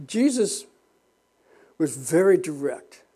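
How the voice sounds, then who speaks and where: An older man preaching a sermon as pastor, fervent and rising to shouts, with restarts and self-mocking laughs. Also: on the high side, very animated, slow.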